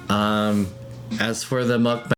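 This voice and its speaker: A man's voice: lowish voice, little pitch movement, slow, clear, resonant tone. A man live streaming from home, chatting casually, rambling and swearing as he answers his viewers. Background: music playing.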